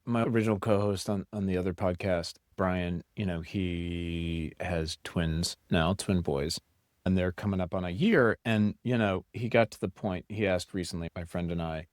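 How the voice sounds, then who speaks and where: A man's voice: low voice, moderate pace, no echo, clean studio sound. A middle-aged man co-hosting a podcast, chatting casually and telling stories in a blunt, profane way. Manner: profane, blunt, animated storyteller. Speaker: podcast co-host. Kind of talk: casual chat.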